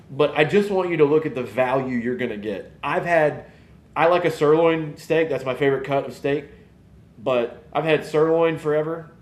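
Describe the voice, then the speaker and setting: A man, hosting a casual live podcast and rambling in an animated way. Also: mid-range voice, roomy sound. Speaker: podcast host. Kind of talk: casual live-stream chat.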